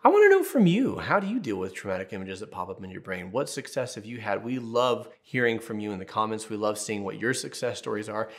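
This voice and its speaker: A man's voice: fairly low pitch, sing-song, fast, few pauses. A man in his thirties, a therapist hosting an advice video, talking casually and candidly with jokey asides and personal stories. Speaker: therapist, channel host.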